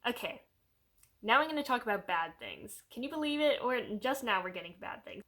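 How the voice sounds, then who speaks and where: A woman's voice: a little high, brisk. Young woman rambling through a review. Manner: rambling, animated, heavy use of "like"; puts on voices when quoting characters. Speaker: video reviewer. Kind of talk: casual spoken movie review.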